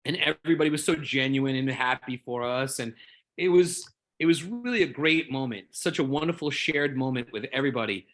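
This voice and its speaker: A man's voice: mid-range voice, lively intonation, fairly quick, a bit bright. A man in a casual group discussion, telling a story in a rambling, earnest, openly emotional way, often repeating words while he searches for them. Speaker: Jedi community member.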